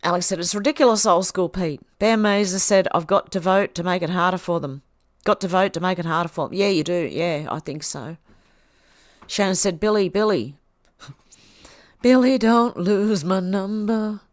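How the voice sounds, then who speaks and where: A woman's voice: fairly low pitch, a little fast, dry recording, studio quality. A middle-aged Australian woman hosting a livestream, casually reading viewers' comments aloud and answering them with small laughs. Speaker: livestream host.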